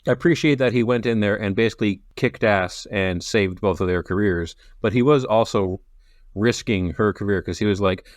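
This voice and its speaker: Laid-back man with a lower voice. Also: moderate pace, no room sound. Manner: relaxed, laughs easily, uses 'like' often. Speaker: podcast co-host. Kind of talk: casual book-discussion chat.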